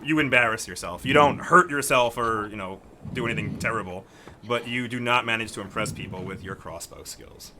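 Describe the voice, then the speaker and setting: Giggly, bright-voiced male game master. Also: medium pitch, a little hiss or hum. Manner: laughs often, stammers on restarts. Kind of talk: narrating a tabletop game.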